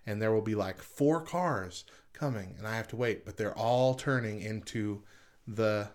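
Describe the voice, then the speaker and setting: A man co-hosting a chat podcast, laughing a lot and telling an exasperated story in a lively way. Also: fairly low pitch, a little slow. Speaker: podcast co-host. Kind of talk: casual chat.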